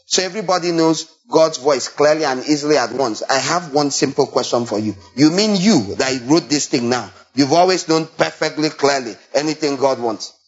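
A man preaching a sermon, animated and full of rhetorical questions, now and then imitating sheep and shepherd calls. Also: mid-range voice. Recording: dull lo-fi recording.

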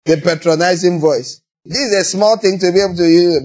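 Husky Nigerian preacher. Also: male voice, high voice, moderate pace, few pauses. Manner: animated, acts out little scenes in other voices. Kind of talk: sermon.

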